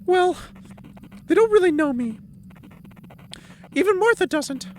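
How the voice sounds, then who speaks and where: A man voicing an anxious, overachieving female student in a high put-on voice, reading game dialogue aloud. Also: animated, measured pace, slight background noise. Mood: subdued.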